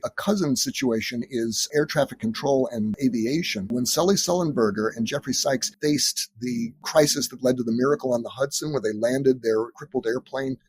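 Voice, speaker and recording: A man with a somewhat husky voice explains negotiation as a guest on an interview podcast. He tells earnest stories and acts out the quotes in them. The sound is dry and close. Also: mid-range voice, a little mellow, no room sound. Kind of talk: expert interview answers with stories.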